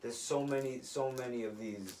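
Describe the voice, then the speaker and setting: Animated man telling stories, echoey room. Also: mid-range voice, moderate pace, recorded from a distance, heavy background noise. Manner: animated, swearing, storytelling. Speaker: podcast co-host. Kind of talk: casual chat.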